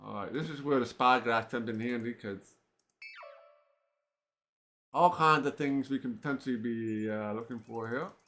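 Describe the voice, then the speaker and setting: A man's voice: mid-range voice, moderate pace, long pauses, a bit bright. A man streaming an old computer role-playing game, thinking aloud casually with lots of filler words. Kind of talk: let's play commentary.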